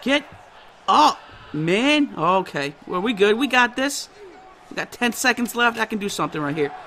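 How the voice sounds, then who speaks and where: Excitable high-voiced gamer man yelping. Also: normal speed. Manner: excitable, yelping, laughing and swearing. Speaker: gamer commentating his own match. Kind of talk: excited let's-play commentary. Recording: noisy background.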